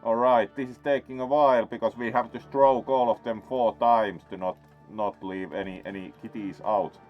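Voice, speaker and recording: Over faint game music, a gaming host with a steady, medium-pitched voice offers casual let's play commentary at a normal pace, wry and playful as he plays. The sound is dull and lo-fi.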